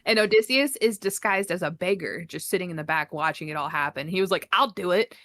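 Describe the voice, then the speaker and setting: A woman co-hosting a casual movie review podcast, excitable and swearing freely, acting out characters with big jumps in her voice. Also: fairly low pitch, brisk. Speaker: podcast co-host.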